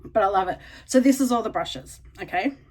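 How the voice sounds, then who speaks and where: Australian woman, casual beauty vlogger, mid-pitched, chatty and eager with plenty of filler words. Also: a little fast. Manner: chatty and excitable, full of ums and likes. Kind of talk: casual unboxing chat to camera.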